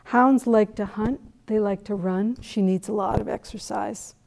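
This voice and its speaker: A middle-aged woman from New England giving a dharma talk, telling a personal story in a conversational, animated way with asides. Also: mid-range voice, a little slow, creaky. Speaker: meditation teacher.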